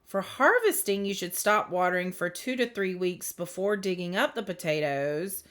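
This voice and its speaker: Low-ish and a little bright, her voice is lively and keeps a moderate tempo. The spiritual reader offers a relaxed reading close to the camera in a brightly lit indoor space, drifting off topic, laughing frequently and breaking into her own sentences.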